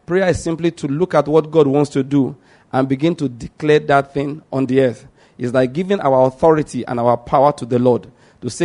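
A man preaching a sermon, teaching slowly and repeating his key points, often checking whether listeners understand. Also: mid-range voice, warm tone.

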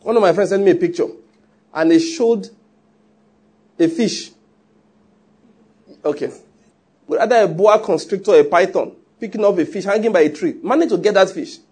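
A man's voice: high-pitched, normal speed, long pauses, darkish tone, husky. A man preaching a sermon in an emphatic, conversational way, with joking asides. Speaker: pastor.

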